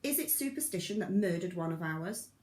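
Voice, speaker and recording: A woman's voice: on the low side, expressive, brisk, a little mellow, natural voice. A woman reading the part of a fierce, scarred woman who leads a band of outcasts, speaking coldly and with scorn, in a roomy recording. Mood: scornful, commanding. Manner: cold, commanding, scornful. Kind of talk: audiobook reading.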